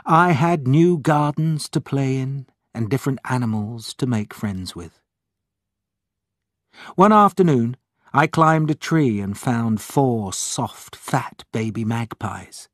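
A man slowly reading a children's storybook aloud in a lively way. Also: mid-range voice, no room sound, studio quality. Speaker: reader. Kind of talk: storybook narration.

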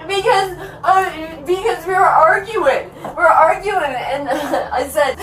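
A woman's voice: very high-pitched, measured pace, few pauses. A woman crying and laughing through sobs as she pleads with police not to arrest her. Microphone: police body camera. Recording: echoey, distant body-cam audio.

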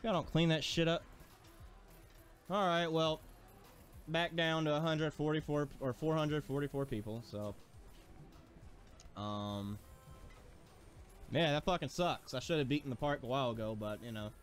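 A man's voice: fairly high pitch, measured pace, long pauses, faint music behind. A man commentating his gameplay, exasperated, swearing and ranting at the game. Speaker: gaming streamer.

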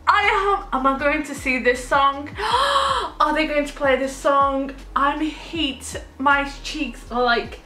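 Giggly thirty-something woman, high bright voice, slow unhurried talk, echoey room. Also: lively intonation, faint music behind. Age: 30s. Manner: giggly and gushing, breaks into laughter. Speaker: music reaction YouTuber. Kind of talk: excited casual reaction chat.

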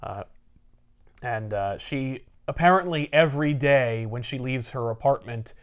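A man's voice: medium pitch, a little slow, clear, resonant tone. A man casually recapping a comic on a podcast, storytelling animatedly and acting out the characters' lines. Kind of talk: casual chat.

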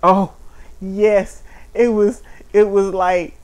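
A man's voice: high voice, little pitch movement, very slow, darkish tone, clean tone. A man co-hosting a casual wrestling chat, blunt and mocking, with frequent swearing. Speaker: podcast co-host.

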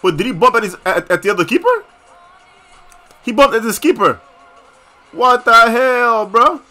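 High, lively young man reacting. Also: moderate pace, soft background music. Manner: excitable, slangy, bursts into shouts. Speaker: reaction video host. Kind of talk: casual reaction commentary.

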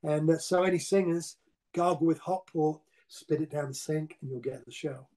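A man's voice: fairly high pitch, normal speed. An older man telling casual, rambling stories as an interview guest, with frequent restarts. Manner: rambling, animated anecdotes with repeated restarts. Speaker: interview guest, rock singer. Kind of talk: casual storytelling.

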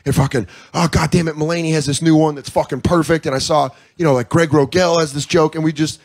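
Profane, animated man telling comedy stories. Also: fairly high pitch. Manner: profane, animated storytelling with quick impressions. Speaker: comedian guest. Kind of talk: casual interview chat. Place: comedy club stage, live.

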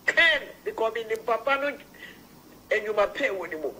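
A woman's voice: on the high side, expressive, moderate pace, pushed and bright, a little hiss or hum, low-quality recording. A woman calling in to a talk show, earnest and pleading, repeating phrases as she speaks. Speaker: caller. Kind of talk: emotional phone-in call.

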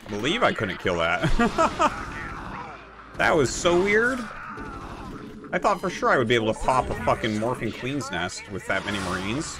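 A man's voice: medium pitch, very animated, a little fast, over music. A man streaming a game live, ranting and swearing at his opponents and his chat. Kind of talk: live gameplay commentary.

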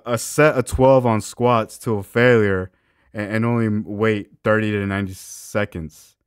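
Crude mocking man with a deep, smooth voice. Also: fairly even intonation, normal speed, no room sound, clean studio sound. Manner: shifts between loud outbursts and low mumbling. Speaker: reaction video host. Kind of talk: profane ranting reaction commentary.

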